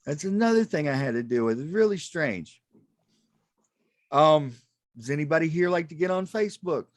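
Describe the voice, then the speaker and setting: A man's voice: a little high, lively intonation, normal speed, dry recording, clean studio sound. A man doing a rambling, self-mocking stand-up comedy set over a video call, laughing at his own jokes.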